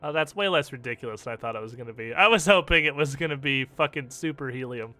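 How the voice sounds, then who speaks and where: A man's voice: medium pitch, fast talker, no room sound, soft background music. A young man streaming a game, joking and swearing casually as he talks through his choices. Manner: joking, profane, animated. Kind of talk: casual gameplay commentary.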